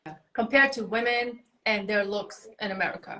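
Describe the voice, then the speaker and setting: A woman hosting a live stream with her husband, talking in an animated, emphatic way in casual chat. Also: medium pitch, fast, low-quality recording. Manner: animated and emphatic, acts out her own reactions. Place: Germany.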